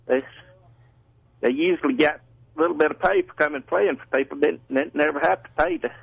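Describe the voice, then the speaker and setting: A man from Georgia phoning a radio show, telling a story in a halting, plain-spoken way. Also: on the high side, vocal fry, breathy edge, no room sound. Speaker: caller. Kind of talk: phone-in chat. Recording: muffled phone line.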